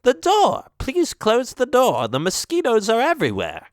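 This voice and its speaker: A man narrating an audiobook voices a fussy female witch in a high, slow, teasing voice. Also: huge pitch swings, dry recording, clean studio sound, heavily acted. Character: fussy, knowing female witch brewing potions. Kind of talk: audiobook character voice.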